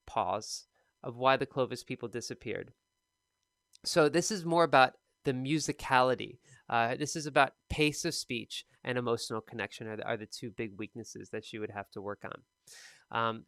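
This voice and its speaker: A man teaching TOEFL speaking on a live stream, explaining in a relaxed, conversational way. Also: medium pitch, clear, resonant tone, dry recording, clean studio sound.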